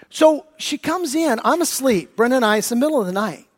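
High-voiced pastor preaching with hall reverb. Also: male voice, brisk, hardly any pauses. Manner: animated storytelling, acting out his family's voices. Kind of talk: sermon. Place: church sanctuary.

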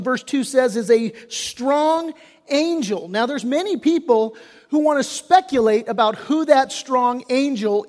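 This pastor's voice is very high-pitched with a darkish tone. Preaching with passion and a folksy, casual way of speaking, he swings his voice up and down and frequently starts phrases over, all within a church hall's long reverb.

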